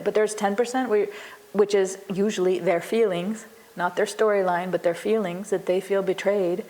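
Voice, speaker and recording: A woman's voice: mid-range voice, fairly even intonation, fairly quick, darkish tone, poor audio. A woman psychologist teaching a class, explaining earnestly in a conversational way with lots of "you know" and acted example dialogues. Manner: frequent "you know" and restarts.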